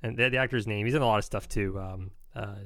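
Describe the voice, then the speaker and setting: A young man chats casually as a podcast host, rambling and restarting his sentences. His voice sits a little low and turns gravelly, and he talks quickly. The sound is dry and close. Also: steady tone, a bit bright, dry recording. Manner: rambling, restarts often, uses "like" a lot. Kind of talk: casual chat.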